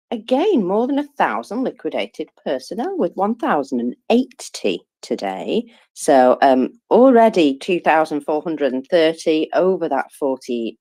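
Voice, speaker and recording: A chatty English woman co-hosting a casual audio chat. Her voice sits low but swings widely in pitch. She laughs at her own slips while reading out figures. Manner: chatty, self-deprecating, laughs between figures. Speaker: co-host reading daily figures. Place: online audio space.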